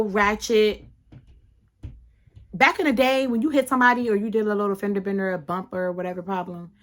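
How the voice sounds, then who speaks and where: A woman's voice: medium pitch, fairly bright tone. Casting: young adult woman, single-mom vlogger, blunt, profane and heated storytime rant, mid-range voice.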